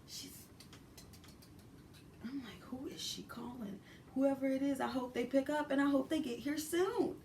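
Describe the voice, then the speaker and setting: Brooklyn woman, animated profane storyteller; distant mic, light hum. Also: sits high, moderate pace, long pauses. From Brooklyn, New York. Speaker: vlogger. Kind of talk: storytime vlog.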